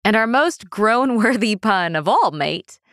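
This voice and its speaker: A woman's voice: medium pitch, sing-song, a little slow, fairly bright tone, no echo, clean studio sound. A woman voicing a Victorian street orphan child with an exaggerated put-on British accent. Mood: mock cockney. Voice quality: exaggerated, sheepish over-the-top delivery.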